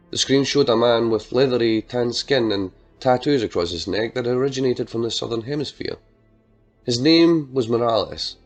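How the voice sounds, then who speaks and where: A man reading a dark crime story aloud as narrator, measured and dramatic. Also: mid-range voice. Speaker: audiobook narrator.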